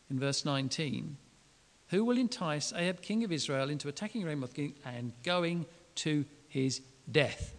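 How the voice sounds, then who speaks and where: A man preaches with a lively, colloquial delivery, his voice high and gravelly. The sound carries through a large hall with a long reverb. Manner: lively, colloquial, acts out quotes. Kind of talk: sermon retelling a Bible story.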